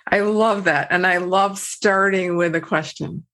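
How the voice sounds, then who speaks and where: A woman's voice: lowish voice, steady tone, a little slow, a bit bright, slight background noise. A woman interviewer, enthusiastic and affirming, asking a trainer about her methods. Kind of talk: conversational interview.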